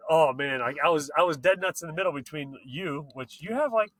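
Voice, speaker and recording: Bright-voiced excited bike-racing podcast host man. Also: fairly high pitch, fairly quick, dry recording. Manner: excited, slangy, swears freely. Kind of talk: casual podcast chat.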